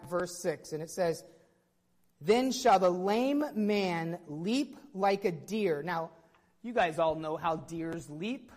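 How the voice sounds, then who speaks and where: A woman's voice: fairly low pitch, long reverb tail. A woman preaching a sermon to her congregation, telling the story with energy and putting questions to the listeners.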